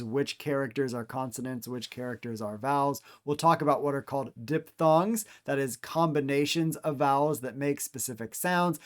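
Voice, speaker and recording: A man teaching Greek pronunciation, speaking deliberately and repeating each letter and example word for the listener. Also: on the high side. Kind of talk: slow instructional pronunciation lesson.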